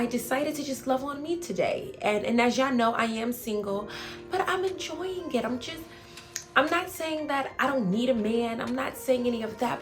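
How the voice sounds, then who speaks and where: Animated woman chatting to her viewers. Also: a little high. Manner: animated, playful, talks straight to viewers with "y'all". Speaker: vlogger and spiritual advisor. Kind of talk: casual chat to camera.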